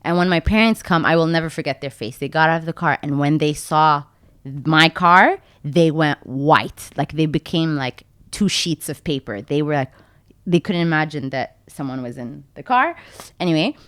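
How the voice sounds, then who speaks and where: A young woman guest on a podcast, telling a story in a casual, animated way and acting out what people said. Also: normal speed, smooth, no echo. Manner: animated, acts out her own quotes in a much higher voice.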